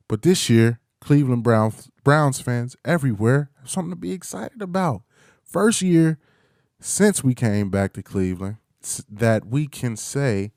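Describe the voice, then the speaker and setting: A man's voice: medium pitch, darkish tone, no room sound, clean studio sound. A young man hosting a casual solo sports talk, hyped and playful, trash-talking rivals and breaking into chants. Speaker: podcast host.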